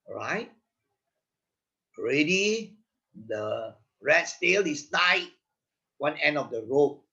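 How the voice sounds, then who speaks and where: A man narrating a children's moral story, slow and emphatic, adding asides to his listeners. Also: on the high side, a bit bright. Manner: slow, emphatic, frequent "you know" asides. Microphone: video call. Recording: dull lo-fi video call audio.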